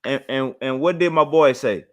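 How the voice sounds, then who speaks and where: A man's voice: medium pitch, normal speed. A man hosting a show, reacting to a clip in casual, blunt, mocking commentary with plenty of profanity.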